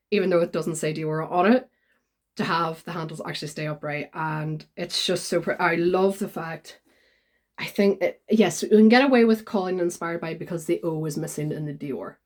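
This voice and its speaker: A woman, chatting casually in a vlog and retelling a story with lively quoted voices. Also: fairly low pitch, normal speed. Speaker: vlogger.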